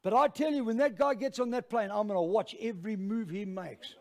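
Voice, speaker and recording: A man with an Australian accent, a pastor telling a lively, self-mocking story as part of his sermon. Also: high voice, fairly quick, a little hiss or hum.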